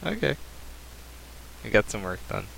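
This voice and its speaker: Soft-spoken young man with gravelly voice. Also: fairly low pitch, very animated, measured pace, poor audio. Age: 20s. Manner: soft-spoken, brief replies. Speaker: podcast co-host. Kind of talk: casual chat.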